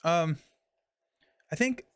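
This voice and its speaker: A man's voice: fairly high pitch, animated, very slow, a bit bright, clean tone, no echo. A young man casually streaming a card game, talking through his moves and chatting with viewers. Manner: chatty, reads chat and thanks viewers mid-game.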